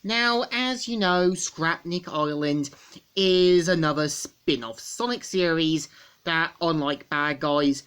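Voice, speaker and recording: A woman's voice: fairly low pitch, a bit bright. A woman reviewing a comic book, loosely retelling the story and repeating the same phrases.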